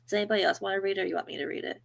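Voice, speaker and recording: A woman hosting a casual stream, mocking someone's photos in an animated way full of "like". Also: mid-range voice, very fast, vocal fry, dry recording. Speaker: stream host. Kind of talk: casual gossip commentary.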